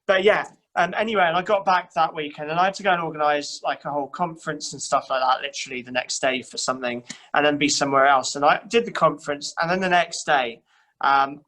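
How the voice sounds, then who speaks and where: A man's voice: on the high side, fairly even intonation, fast, sharp tone, rough recording. A young man, a church youth worker, chatting casually and self-deprecatingly, with many fillers and restarts. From England. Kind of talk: casual chat.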